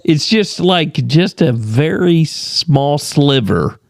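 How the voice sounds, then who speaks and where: Slow talking guy, gravelly, kinda high, mostly reacting. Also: animated, no room sound. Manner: laughs along, short encouraging replies. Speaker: podcast co-host. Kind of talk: casual chat, reacting to stories.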